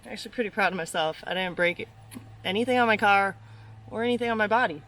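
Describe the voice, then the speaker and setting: A woman's voice: mid-range voice, fast talker, a bit bright. A young woman talking casually in a solo tutorial vlog outdoors by her car, chatty and self-deprecating, a little out of breath as she works and films herself. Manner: chatty, self-deprecating, swears and laughs while working. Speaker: vlogger. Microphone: handheld camera, moving off frame.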